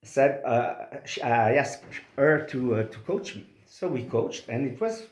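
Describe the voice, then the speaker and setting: A man speaking English with a Québécois French accent; French is his first language. He talks in halting bursts full of restarts and fillers. His voice sits in a mid pitch and carries an echoey room sound. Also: expressive. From Quebec. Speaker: opera singer. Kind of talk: interview conversation.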